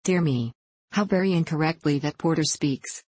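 A woman narrating a children's story for an audiobook, in a measured storytelling manner. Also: deep voice, darkish tone, breathy edge, dry recording.

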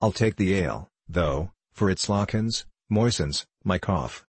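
A man's voice: low-pitched, lively intonation, a little slow, slightly rough, dry recording, exaggerated voice. A man doing a wary, miserly old Scot. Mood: curt, wary. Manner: curt and wary.

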